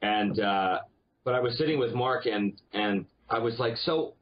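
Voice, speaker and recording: A man from Canada, a voice actor guest, chatting casually in an interview and telling animated stories. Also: lowish voice, moderate pace, dull audio. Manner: animated storyteller, slips into accents.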